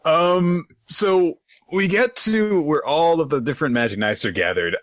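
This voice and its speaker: A man's voice: mid-range voice, fairly bright tone, dry recording. A man co-hosting a podcast, recapping manga chapters in casual chat, acting out characters in jokey voices and swearing freely. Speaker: podcast co-host.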